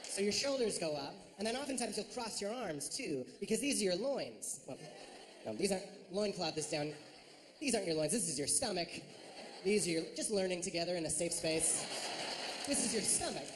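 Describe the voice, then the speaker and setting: A man performing a stand-up routine on a theater stage, lively and jumping into high silly voices. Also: moderate pace. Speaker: stand-up comedian. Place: large ornate theater stage. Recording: reverberant theater with audience noise.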